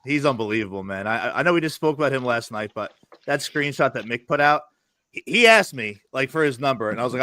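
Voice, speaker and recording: A man sits in as a podcast guest and spins rapid, profane anecdotes, laughing as he goes. His voice is bright and forceful, and the sound is dry and close with no room around it. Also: medium pitch, no room sound. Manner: fast, profane storytelling with bursts of laughter. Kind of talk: casual podcast chat.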